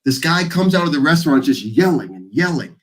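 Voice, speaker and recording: A man's voice: a little high, a little fast. American guy hosting a live panel chat, tells stories and acts out voices. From United States. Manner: animated storyteller, acts out quoted voices. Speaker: panel host. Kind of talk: casual panel discussion.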